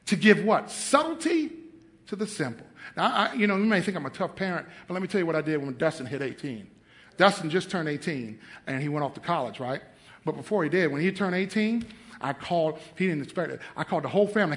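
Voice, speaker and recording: A middle-aged man preaching a sermon, animated, acting out scenes in changing voices and laughing often. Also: sits high, a little fast. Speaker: pastor.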